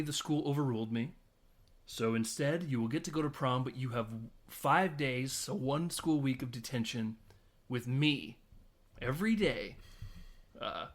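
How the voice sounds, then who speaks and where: A man's voice: medium pitch, moderate pace. A man co-hosting a film podcast, recapping scenes in casual chat and acting out the characters' lines. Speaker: podcast co-host.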